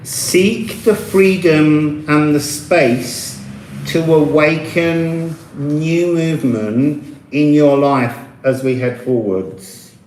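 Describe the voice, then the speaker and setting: A man reads the tarot in an unhurried, drawn-out way, his voice sitting a little high. He drifts and wanders between thoughts in a dreamy, mystical manner. The recording carries a noticeable echo from the room. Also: darkish tone, a little hiss or hum. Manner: slow, meandering and mystical, pausing to correct himself. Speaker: tarot reader. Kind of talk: spoken tarot reading for a video channel. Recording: echoey room.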